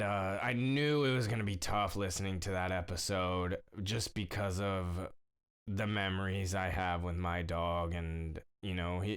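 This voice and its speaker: A young man talks through a casual solo podcast episode, unhurried and halting, full of pauses and fillers. His voice sits a little low and comes through very smooth and clear. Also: a bit bright. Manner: slow, halting, emotional talk with many fillers. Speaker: podcast host.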